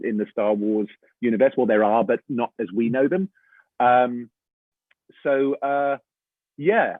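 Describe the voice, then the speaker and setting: English man, middle-aged, animated storyteller, slightly husky, recorded through a tinny call line. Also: mid-range voice, no room sound. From England. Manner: animated storyteller, chatty, says mate and man a lot. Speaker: voice actor guest. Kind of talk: casual panel chat.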